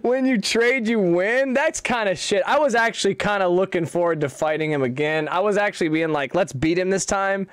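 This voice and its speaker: A man's voice: sits high, a little fast, few pauses, smooth, dry recording. A young man giving casual, profane live commentary while streaming a game. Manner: casual and profane, swears freely.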